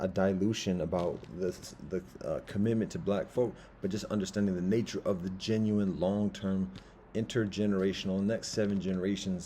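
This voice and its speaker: Man, 50s, low and deeply mellow voice; rambling monologue that stalls on repeated words and restarts. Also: a little hiss or hum.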